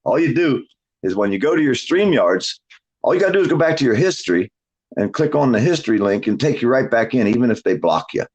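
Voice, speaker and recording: A man's voice: mid-range voice, quick pace, breathy edge. Profane, boastful man with a swinging voice. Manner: profane, boastful storyteller who laughs often; lively, swinging delivery. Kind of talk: casual chat.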